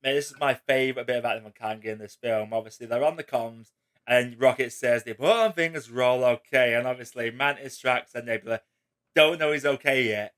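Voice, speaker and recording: A man's voice: mid-range voice, steady tone, a little fast, a bit bright. A man hosting a casual spoiler chat, talking animatedly and acting out quotes in raised voices. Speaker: podcast host.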